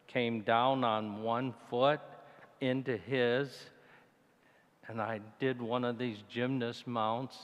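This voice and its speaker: A male deacon of Italian heritage tells an animated personal story in a reverberant church as part of a mission talk. His voice jumps high whenever he retells moments of fear. There's slight background noise.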